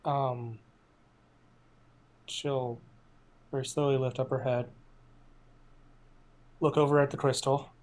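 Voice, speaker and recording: A man speaking as a player in a tabletop game, talking in a halting, hesitant way. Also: medium pitch, little pitch movement, darkish tone.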